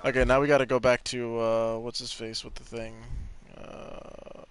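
A man's voice: mid-range voice, level tone, normal speed, clear, resonant tone. A man streaming a video game, chatting casually and jokingly with his viewers and swearing freely. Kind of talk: casual gameplay commentary.

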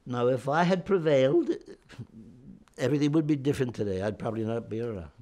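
A man's voice: mid-range voice, animated, fast, mellow. A man in his nineties, a war veteran, telling a long story in an interview with many restarts and repeated words. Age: 90s.

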